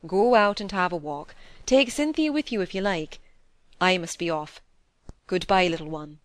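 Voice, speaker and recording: A woman reading the part of a kind, worried middle-aged male doctor speaking to his daughter, gentle and reassuring. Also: lowish voice, expressive, normal speed, no echo, lightly acted. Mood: tender. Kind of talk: audiobook character reading.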